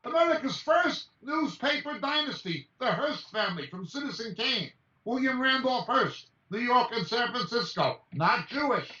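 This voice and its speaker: A man speaks as a Bible teacher in an emphatic, high-pitched voice and reels off names in quick lists. He sounds far from the mic on a video call. The audio is dull and roomy. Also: big pitch swings, bright, forceful tone. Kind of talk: impassioned message over a video call.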